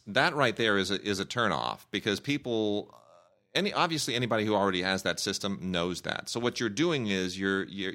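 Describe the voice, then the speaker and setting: A fairly low-pitched man with a bright, forceful tone chats about films on a review podcast. He talks in an opinionated, rambling way, often restarting his sentences. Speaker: film critic co-host. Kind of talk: casual podcast review chat.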